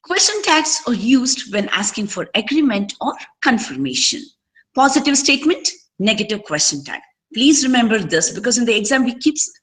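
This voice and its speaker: A woman giving an English grammar lesson, reading examples slowly and explaining some points in Kannada. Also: a little high, a bit bright, poor audio. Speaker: English teacher. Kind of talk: classroom lecture.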